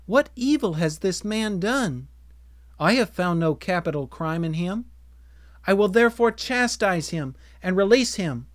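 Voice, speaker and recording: A stern, uneasy Roman governor pleads and demands in a raised voice, as a man reads him aloud. The voice sits high and the reading is dry and close-miked. It belongs to a dramatized scripture reading. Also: animated, measured pace, dry recording. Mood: pleading.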